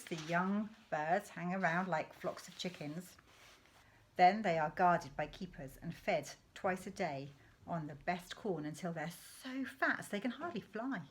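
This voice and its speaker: A woman's voice: on the low side, lightly acted. A woman reading aloud voices a boastful, mischievous father who relishes telling his son tall tales about poaching. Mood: scornful.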